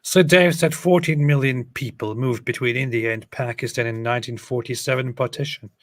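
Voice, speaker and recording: A man's voice: medium pitch, steady tone, brisk, dry recording. A man co-hosting a casual livestream, joking and reading viewer comments aloud. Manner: joking, reads comments aloud, laughs often.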